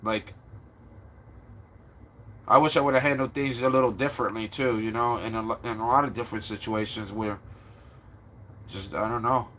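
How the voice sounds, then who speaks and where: A man's voice: steady tone, moderate pace, pauses often, bright, forceful tone, a little hiss or hum. A stressed man from Florida rambling casually to his livestream viewers. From Florida, USA. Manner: rambling, talks to viewers, turns low and subdued.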